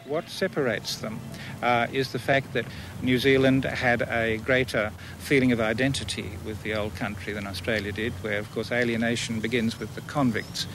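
A man explaining points as a linguist in an interview, thoughtful and pausing with fillers. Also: medium pitch, fairly even intonation, over music. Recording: noisy interview recording.

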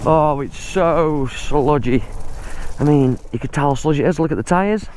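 A man's voice: fairly high pitch, normal speed, a little mellow, slight background noise. A man, out of breath, giving chatty running commentary while riding an e-bike through muddy woods outdoors. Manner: chatty, exclaims at the mud.

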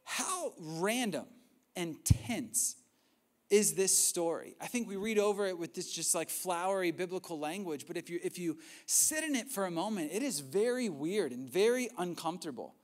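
A young male pastor delivers a sermon in a notably high voice. He tells the story in a lively, conversational way, with asides and acted-out quotes. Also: moderate pace.

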